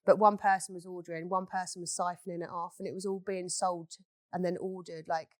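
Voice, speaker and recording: A woman's voice: on the low side, level tone, fairly quick, a little mellow, dry recording. A woman, a beauty business owner, telling stories in a candid chat and swearing freely. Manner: blunt, swears freely, storytelling.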